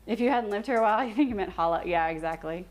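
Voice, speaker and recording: A young woman hosting a cooking livestream from her home kitchen, chatting casually with viewers, self-deprecating and quick to laugh. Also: mid-range voice, expressive. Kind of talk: casual chat with live viewers while cooking.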